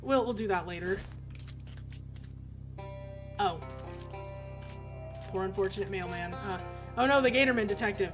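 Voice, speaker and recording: A woman's voice: mid-range voice, moderate pace, long pauses, over music. A woman streamer playing a game, reading its text aloud with wry asides and frequent laughter. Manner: wry, chatty, laughs often.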